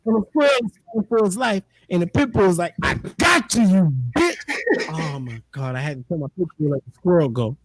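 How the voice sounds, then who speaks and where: Man host, high voice, dry close mic, animated profane storyteller, casual chat. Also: fast, hardly any pauses, breathy edge, no room sound. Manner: animated storyteller, profane slang, laughs often. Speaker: podcast host.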